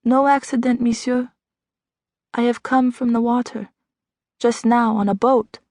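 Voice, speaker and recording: A woman voicing a mysterious young French woman with a French accent, speaking slow, formal English. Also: a little high, little pitch movement, a little mellow, no room sound, clean studio sound, pitched above the performer's own voice. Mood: calm.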